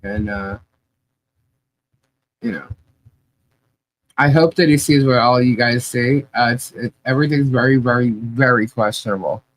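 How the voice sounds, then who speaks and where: A woman hosting a live podcast stream and reading the chat, chatty and halting, laughing often. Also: a bass voice, no echo, low-quality recording.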